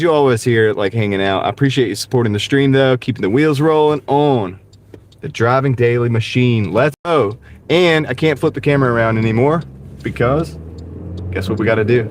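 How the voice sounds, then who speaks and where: A man hosting a casual live stream while driving, upbeat and thanking viewers by name, his voice tired and wearing out. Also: fairly high pitch. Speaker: livestream host. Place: in a moving car. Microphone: wireless mini clip-on mic. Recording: car ride with clear road noise. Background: road and car noise.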